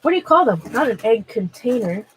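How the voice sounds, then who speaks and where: On a low-quality recording with some hiss or hum, a woman with a slightly high voice and big pitch swings talks in a Minnesota accent. She's running an art livestream and chatting with viewers while showing a craft. Her talk wanders, she breaks off mid-sentence, and she laughs often.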